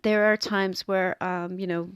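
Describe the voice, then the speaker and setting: Her mid-range voice stays level, clear and resonant, a little slow, with a dry, close recording. The chatty dog groomer and podcast host teaches casually, breaking off mid-thought and doing small character voices.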